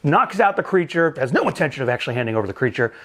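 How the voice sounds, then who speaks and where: A man's voice: medium pitch, animated, racing, a bit bright, faint music behind. A man hosting a casual movie review show, recapping the plot with jokes, exasperated asides and casual swearing.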